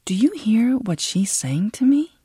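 Woman doing a furious middle-aged father, volatile, yelling and muttering, dry audiobook read. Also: low-pitched, measured pace, slightly rough, dry recording. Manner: shouting in bursts of rage, then bitter muttering.

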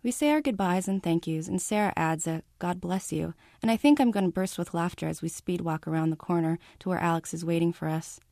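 Woman calmly reading her own novel aloud. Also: lowish voice, fast, few pauses, dry recording, clean studio sound. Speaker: author.

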